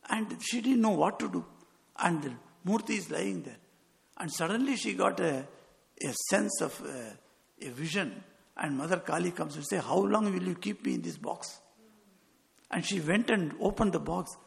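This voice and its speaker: Speaking at a moderate pace, a monk delivers a sermon with earnest storytelling and quoted lines, his high-pitched, creaky voice quite expressive. The sound rings with long hall reverb.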